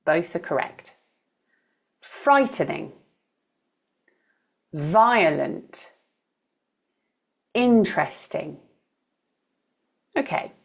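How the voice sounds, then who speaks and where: A woman teaching English with a British accent, reading each word out slowly and clearly and stressing its syllables in a pronunciation drill. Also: a little high, dark tone.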